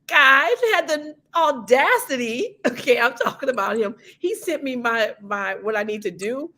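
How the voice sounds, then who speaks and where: Animated, lively-voiced woman telling stories. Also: a little high, moderate pace. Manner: animated, playful storyteller. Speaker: guest. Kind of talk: casual storytelling chat.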